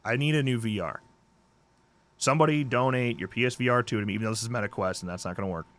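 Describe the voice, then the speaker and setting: A man's voice: mid-range voice, quick pace, a bit bright. A man co-hosting a live horror news stream, chatting casually, jokey and swearing freely. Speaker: horror news podcast co-host.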